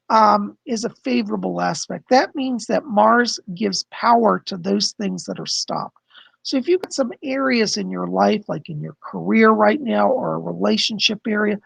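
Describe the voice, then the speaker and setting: Male psychic host, hoarse, very gravelly and husky, chatty livestream explainer. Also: high-pitched, no room sound. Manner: chatty, explains with frequent "okay?" and "you know". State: hoarse, losing his voice. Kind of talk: casual livestream astrology forecast.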